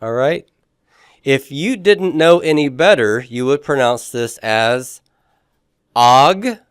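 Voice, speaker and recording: A man teaching a Greek class, repeating sounds slowly and quizzing his students with many fillers. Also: medium pitch, clear, resonant tone, no room sound, clean studio sound. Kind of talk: classroom lecture.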